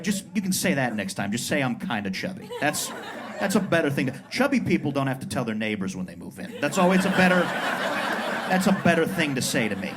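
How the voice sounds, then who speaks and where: A man in his thirties from Colorado performing a self-mocking stand-up set in a comedy club, acting out brash tough-guy voices. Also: medium pitch. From Pueblo, Colorado. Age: 30s.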